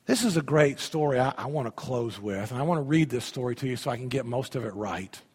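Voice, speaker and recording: A pastor preaching a sermon, emphatic, with sudden drops to a quiet voice. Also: male voice, medium pitch, animated, fast, slightly rough, big-room sound.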